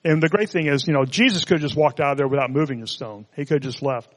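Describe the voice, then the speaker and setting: A man's voice: a little high, fast, in a large hall. A man preaching a sermon, reading scripture and adding conversational, joking asides. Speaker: pastor.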